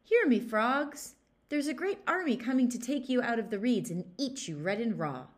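A woman voicing a bold, boastful little male weasel in a children's story, talking with brisk swagger. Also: medium pitch, sing-song, a little mellow, lightly acted.

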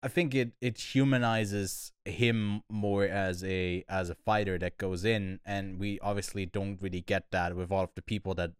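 A man co-hosting a casual film review podcast, talking in a thoughtful, hesitant way with many pauses. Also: low voice, level tone, smooth, no echo, clean studio sound. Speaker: podcast co-host.

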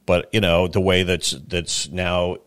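Deep-voiced man hosting a casual interview. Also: slow pace, clear, resonant tone, no room sound, clean studio sound. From California. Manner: animated, rambling with restarts. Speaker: podcast host.

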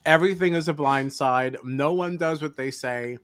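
A man's voice: a little high, normal speed, no echo. A man hosting a podcast, telling a story in casual chat with lots of restarts. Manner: animated storyteller, restarts and laughs often. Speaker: podcast host.

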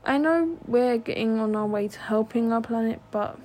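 A woman's voice: fairly high pitch, normal speed, warm tone. A young woman hosting her own podcast, talking earnestly with many ums and restarts. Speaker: podcast host. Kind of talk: solo podcast monologue.

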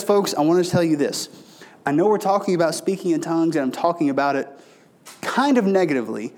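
A male pastor delivers a sermon in a folksy storytelling manner. His voice sits on the higher side for a man, and he keeps turning to the congregation. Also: a little mellow.

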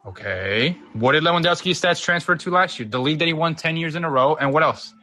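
Rapid, insistent man in heated debate. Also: on the high side, bright, forceful tone. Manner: fast, insistent, combative, reels off stats. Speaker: podcast co-host.

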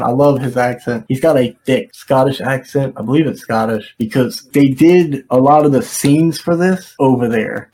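Mellow-voiced man recapping casually. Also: medium pitch, slight background noise, low-quality recording. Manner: rambling, loose recap full of "like" and "you know". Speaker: podcast co-host recapping an episode. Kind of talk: casual chat.

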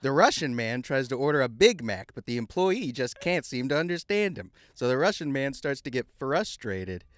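A man's voice: mid-range voice, normal speed, hardly any pauses, dry recording, studio quality. A man co-hosting a podcast in casual chat, reading a joke aloud and laughing often. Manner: giggly and animated, laughs often. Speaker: podcast co-host.

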